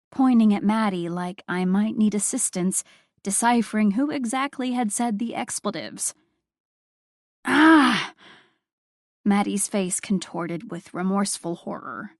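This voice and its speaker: Slow, expressive woman audiobook narrator. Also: medium pitch, no room sound, studio quality. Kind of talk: first-person audiobook narration.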